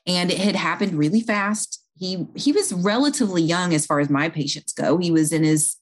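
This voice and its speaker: A woman's voice: fairly low pitch, normal speed. A woman who works in home health, earnestly explaining a patient story in a conversation, with fillers and restarts along the way.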